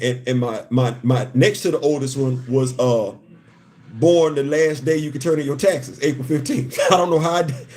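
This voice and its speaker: A man in his fifties hosts a casual live stream in a mid-range, darkish voice. He laughs often, restarts his sentences and grows heartfelt.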